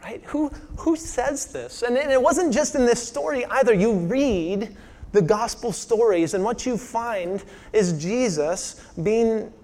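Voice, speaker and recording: A man preaching a sermon in a conversational style, asking the congregation rhetorical questions and dropping his voice soft for emphasis. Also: high-pitched, lively intonation, measured pace. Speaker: pastor.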